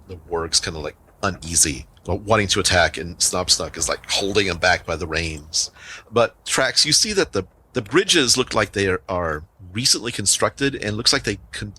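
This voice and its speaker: Deep-voiced game master for a tabletop game, bright tone, rambling descriptions, light hiss. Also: male voice. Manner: rambling descriptive narration with many fillers.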